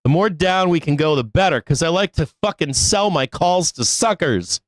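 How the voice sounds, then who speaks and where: A man's voice: a little high, lively intonation, moderate pace, dry recording, studio quality. A man hosting a live stock trading show, ranting in exasperation at his viewers with heavy swearing, laughing and pleading.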